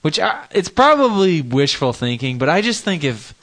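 A man's voice: a little high, sing-song, normal speed, a bit bright. A man co-hosting a podcast in casual comedic chat, crude and bantering, often laughing. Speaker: podcast co-host.

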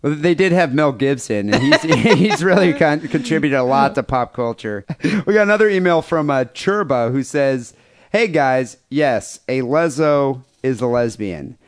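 A man's voice: medium pitch, expressive, measured pace. An American man co-hosting a crude comedy podcast, reading listener emails aloud with sarcastic asides. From United States. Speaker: podcast co-host.

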